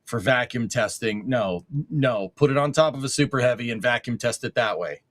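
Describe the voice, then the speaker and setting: A man co-hosting a casual space podcast, chatting in a loose, joking manner. His voice sits at an ordinary middle pitch. He rambles through his points with lively energy. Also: fairly quick. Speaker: show co-host.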